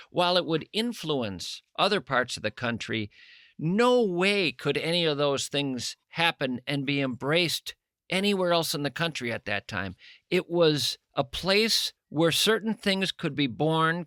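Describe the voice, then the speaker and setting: Bright-voiced man hosting a talk show. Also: fairly high pitch, dry recording, clean studio sound. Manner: thoughtful, musing, builds points in long sentences. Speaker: radio talk show host. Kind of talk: conversational interview.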